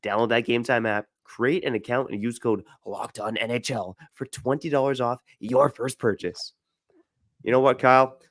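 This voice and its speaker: A man's voice: mid-range voice, normal speed, hardly any pauses, dry recording, clean studio sound. A man hosting a casual sports podcast, easygoing and full of fillers. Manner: easygoing, reads ad copy, filler-heavy. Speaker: podcast host.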